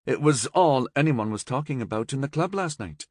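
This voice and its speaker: A man's voice: mid-range voice, animated, normal speed, a little mellow, no room sound, clean studio sound, pitched above the performer's own voice, lightly acted. A man voicing a firm, prying middle-aged aunt who asks insistent, scolding questions in a raised voice. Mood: probing.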